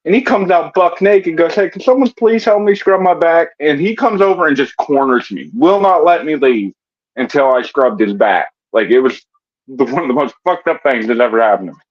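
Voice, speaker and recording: A man's voice: medium pitch, expressive, moderate pace, husky. West virginia guy rambling on a podcast, keeps tripping over his words, kinda muffled lo-fi sound. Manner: rambling, stammering storyteller. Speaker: guest comedian and wrestler. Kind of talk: casual podcast chat. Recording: dull lo-fi audio.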